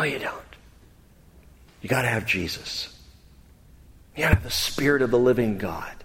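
Lively middle-aged preacher in a big hall. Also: male voice, a little high. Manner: conversational preaching with repeated restarts. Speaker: pastor. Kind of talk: sermon. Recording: long hall reverb.

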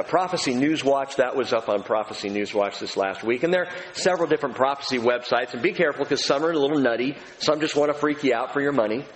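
A male pastor delivers a sermon with a very lively, swooping pitch, leaning on slow, stressed phrases as he builds. His voice sits a touch higher than most men's. The sound carries a long reverb from a large hall. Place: large auditorium.

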